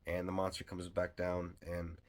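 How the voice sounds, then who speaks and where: A man's voice: low-pitched, completely flat delivery, moderate pace. A man giving a casual spoken film review, rambling and enthusiastic, with lots of fillers and restarts. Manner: enthusiastic fan.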